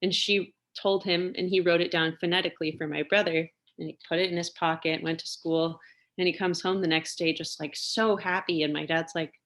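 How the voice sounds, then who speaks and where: A chatty young woman with a fairly low voice, talking as a guest in a relaxed interview. She tells her stories with lots of fillers and laughs often along the way. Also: fairly quick. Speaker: interview guest, singer and lawyer. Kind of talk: casual storytelling interview.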